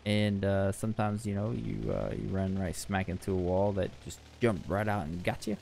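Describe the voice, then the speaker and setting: A man with a very low, gravelly voice talks through his game session in a loose, rambling way, doubling back on what he just said. He sounds worn out and on the edge of yawning, with a faint hiss sitting under the recording. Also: expressive, normal speed, darkish tone. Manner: rambling, self-correcting, chatty. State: tired, yawning. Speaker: gaming channel host. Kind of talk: casual gameplay commentary.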